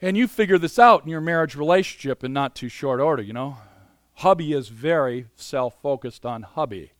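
A man preaching a sermon, animated and conversational, moving between loud emphasis and quiet asides. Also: on the high side, normal speed, no echo, clean studio sound. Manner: conversational, many "you know" fillers.

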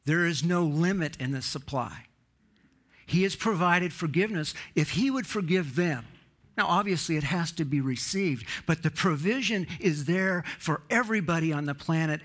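Earnest male preacher, emphatic sermon. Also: fairly bright tone. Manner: earnest, emphatic, rises in pitch on key points.

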